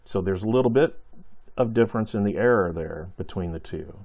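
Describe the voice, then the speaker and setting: A man hosting a woodshop channel, explaining pricing in a relaxed, rambling way with many fillers and self-corrections. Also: lowish voice, brisk. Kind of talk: casual how-to explanation.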